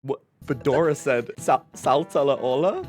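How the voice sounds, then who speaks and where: A woman from the UK chatting casually as a student, teasing, incredulous and quick to laugh. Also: extremely low pitch, darkish tone, faint music behind. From United Kingdom. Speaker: streamer, student. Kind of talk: casual chat.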